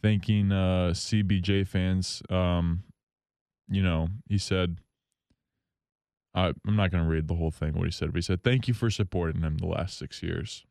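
Excitable man hosting hockey talk. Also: low-pitched, normal speed, no echo, clean studio sound. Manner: excitable, rambling, jokingly bitter. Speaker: hockey podcast host. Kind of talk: solo sports talk show. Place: radio station studio.

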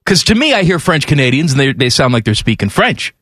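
A man's voice: medium pitch, very animated, fast talker, a bit bright, dry recording, studio quality. A man hosting a sports radio show, joking and bantering casually. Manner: playful, joking.

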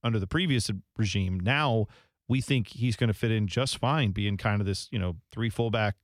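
A man co-hosting a casual sports podcast, talking in an animated way and mimicking announcers in high, exaggerated bursts. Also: normal speed, dry recording, studio quality. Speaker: podcast co-host.

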